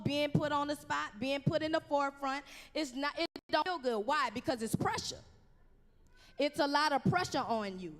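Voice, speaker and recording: A woman's voice: high-pitched, long reverb tail. A woman preaching a conversational youth sermon in a church, full of slang and call-and-response with the crowd. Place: church sanctuary.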